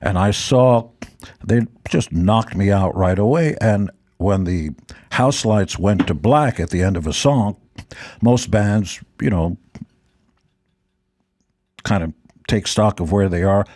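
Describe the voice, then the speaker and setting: An older man from Israel, a guest telling rock-tour stories in a relaxed chat, with dry joking asides. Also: on the low side, slow, pauses often, no echo. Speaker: guest musician. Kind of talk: casual storytelling.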